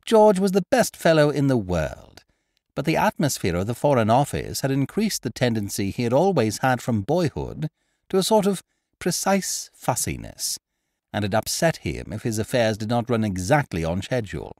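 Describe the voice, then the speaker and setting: A male podcast narrator reads a classic story aloud into a studio microphone. His delivery is vividly expressive, with wide swings in pitch. The room sound is dry and close. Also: normal speed, vocal fry, no room sound.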